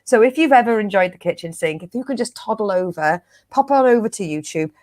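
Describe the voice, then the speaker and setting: A woman's voice: medium pitch, expressive, brisk, a little mellow, no echo. Woman co-host, bawdy and jokey, dry close sound. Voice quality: bawdy, laughing, sweary banter. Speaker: co-host of a comedy chat show. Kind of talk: casual live-stream chat.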